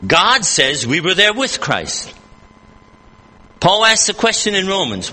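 A man's voice: high-pitched, sing-song, takes it slowly, sharp tone, big-room sound. A man preaching a sermon at an evening church service, earnest and emphatic, repeating and rephrasing his points as he reads scripture aloud.

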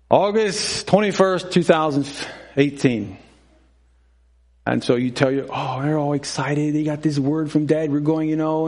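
A man's voice: mid-range voice, a little mellow. A middle-aged male preacher giving a sermon, telling stories and acting out the people in them, with frequent self-questioning asides. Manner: storytelling, acts out voices, self-questioning asides.

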